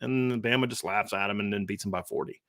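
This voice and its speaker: A man hosting a casual sports podcast, talking quickly and acting out other people's quotes. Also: fairly low pitch, dry recording, studio quality. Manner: fast, animated, acts out quotes. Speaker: podcast host.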